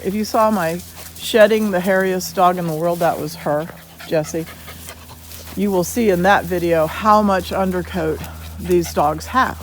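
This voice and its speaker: A woman's voice: medium pitch, rough recording. Woman, dog breeder, casual vlog, outdoors in pasture, chatty, faint background noise. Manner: chatty, informal, breaks off to call her dogs. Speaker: dog breeder and channel host.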